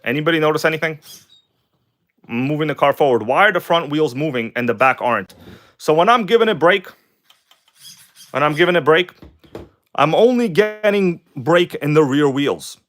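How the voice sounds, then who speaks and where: A man hosting a casual live stream, chatting excitedly with viewers and reading their comments aloud. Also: on the high side, moderate pace, long pauses. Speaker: RC car livestream host.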